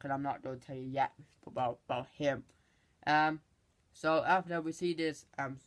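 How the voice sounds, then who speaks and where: A movie reviewer casually recapping a film, rambling and halting, with many restarts and exasperated asides. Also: medium pitch.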